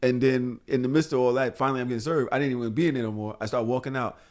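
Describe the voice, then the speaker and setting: A man with a mid-pitched voice sits in on a relaxed podcast chat. He tells his stories bluntly and with a lot of profanity, getting animated as he goes. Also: rapid-fire. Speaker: podcast host. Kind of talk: casual chat.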